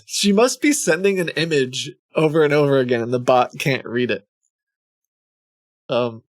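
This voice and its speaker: A man's voice: mid-range voice, moderate pace, dry recording, clean studio sound. A man streaming live, making casual, amused asides between readings.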